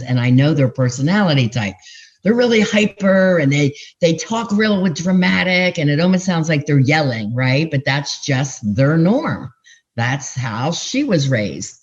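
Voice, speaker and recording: An older woman relationship coach explaining her methods to podcast hosts, telling stories animatedly with pitch jumps for emphasis. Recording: dull, muffled sound.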